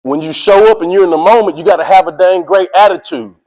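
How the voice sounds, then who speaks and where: A high-pitched man gives a fired-up motivational talk to a team. He talks in casual slang, says "y'all", and keeps calling out to his listeners to make them pay attention. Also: fast talker, low-quality recording. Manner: energetic, preachy, calls out to listeners. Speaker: motivational speaker.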